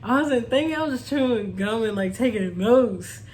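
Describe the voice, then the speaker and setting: A woman's voice: a little high, lively intonation, normal speed, darkish tone. A young woman chatting casually to her viewers, laughing often and calling them y'all. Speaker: vlogger. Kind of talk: casual storytime chat.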